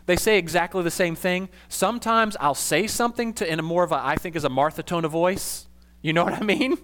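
A man preaching a conversational sermon as a pastor, casual and animated, with slangy asides. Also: fairly high pitch, fairly quick.

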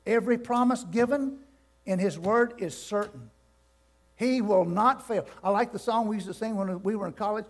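An older man preaching a sermon to his congregation, swinging from quiet to loud and calling out questions for them to answer. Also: high-pitched, normal speed. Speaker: pastor. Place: church sanctuary.

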